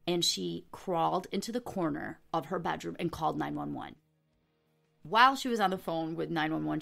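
A woman's voice: lowish voice, creaky, fairly bright tone. A woman hosting a true crime podcast, telling the case in a casual, chatty way with offhand swearing. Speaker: podcast host.

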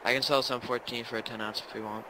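A man coordinating with his teammates in a game, answering quickly and tallying gear. Game sounds are plainly audible behind him. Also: mid-range voice, little pitch movement, noisy background. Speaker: gamer. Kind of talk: casual gaming chat with teammates.

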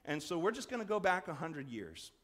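A man preaching a sermon as pastor, conversational and animated, acting out voices in the story. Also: fairly quick. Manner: conversational, acts out quoted voices with big swings in pitch and loudness. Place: church sanctuary. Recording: long church reverb.

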